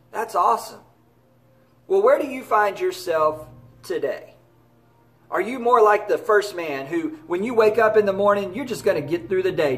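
A man giving an earnest, encouraging motivational talk to camera as a baseball academy director. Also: high-pitched.

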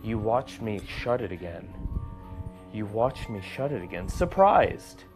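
A man filming a ghost-hunting vlog alone indoors in an old house, gently reassuring an unseen spirit and sometimes jumping with startled outbursts. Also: fairly low pitch, very animated, a little slow, soft background music. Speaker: paranormal investigator.

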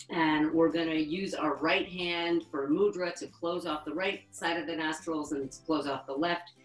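A woman yoga therapist teaching a webinar lesson, calmly guiding breathing exercises and counting breaths. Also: low voice, reverberant, rough recording. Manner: calm, instructive, counts breaths slowly.

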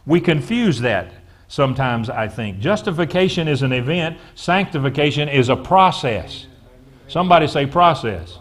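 A man's voice: on the high side, animated, normal speed. A man preaching a sermon to his congregation, calling on them to answer back and often repeating words as he builds his points. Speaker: pastor. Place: church sanctuary.

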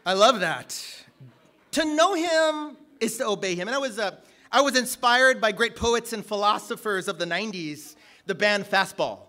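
A man preaching a sermon, energetic and joking, rising to shouts at the peaks. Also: high-pitched, normal speed. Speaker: guest preacher.

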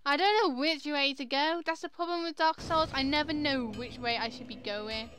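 A young woman commenting chattily on her own gameplay, quick to exclaim and laugh. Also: high-pitched, fairly bright tone, slight background noise. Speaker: gamer. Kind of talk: let's play commentary.

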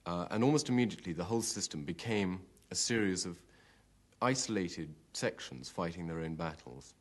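A man, a former platoon commander, giving a steady, matter-of-fact account of a fight in a documentary interview. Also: sits low, moderate pace. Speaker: army platoon commander recalling a battle.

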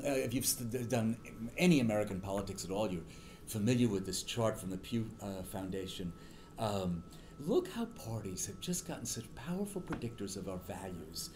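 A man's voice: lowish voice, darkish tone, a little hiss or hum. A middle-aged man, a political science professor, giving a university lecture and telling stories with many ums and restarts.

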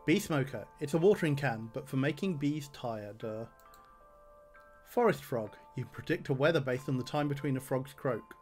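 A man's voice: mid-range voice, expressive, moderate pace, a little mellow, soft background music. A man streaming a game, reading item text aloud with dry jokes and plenty of fillers. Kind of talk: game livestream commentary.

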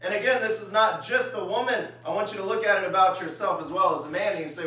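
Bright-voiced preacher in an echoey hall. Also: male voice, high voice, fast, hardly any pauses. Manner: reads scripture, then acts out everyday voices conversationally. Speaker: pastor. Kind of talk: sermon. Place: church sanctuary. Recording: echoey church hall, mic far off.

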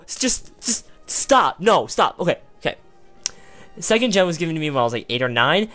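A let's play host giving video game commentary, excitable and gushing, rambling with restarts and sometimes bursting into emotional outcries. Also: medium pitch. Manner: rambling with frequent restarts and filler.

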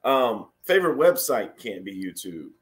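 A man, a teacher, asking questions in a casual chat, playful and quick to laugh. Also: medium pitch, sing-song.

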